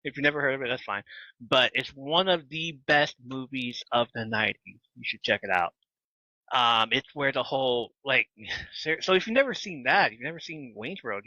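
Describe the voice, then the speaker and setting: A man hosting a casual live podcast, animated and laughing often as he chats with viewers. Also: medium pitch, no echo. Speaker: podcast host. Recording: slightly dull lo-fi mic.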